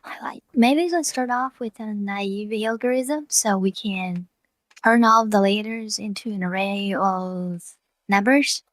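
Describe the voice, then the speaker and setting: A woman guest on a coding stream, explaining ideas helpfully with quick agreeing interjections. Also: medium pitch, no room sound. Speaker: guest programmer. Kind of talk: casual coding chat.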